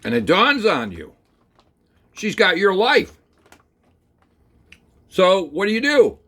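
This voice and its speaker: A man telling a rambling, folksy second-person story, talking slowly through it with plenty of hesitations and fillers. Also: sits high, wildly swooping pitch, fairly bright tone. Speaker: channel host.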